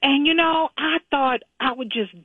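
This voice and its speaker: A woman with a high voice talks in an animated, talkative way as a guest on a casual chat show. Her sound comes through dull and lo-fi, dry and close. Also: normal speed, dry recording.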